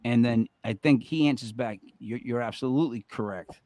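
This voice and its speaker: A man with a New York Italian accent, co-hosting a casual chat with animated, joking talk. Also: medium pitch, moderate pace, no echo. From Rhode Island. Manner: animated, talks over others, joking. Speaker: co-host.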